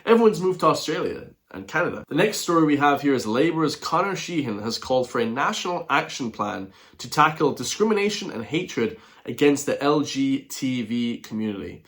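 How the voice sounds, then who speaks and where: An Irish commentary vlogger reacts to news clips with blunt, indignant remarks, frequently turning to address his viewers as "guys." His mid-range, slightly bright voice swings widely in pitch, and he talks briskly with few pauses.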